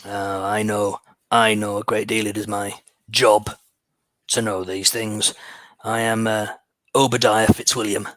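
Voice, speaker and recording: A man voicing an elderly, composed male aristocrat who speaks in a measured, gentlemanly way with slight hesitations. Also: on the low side, level tone, dry recording.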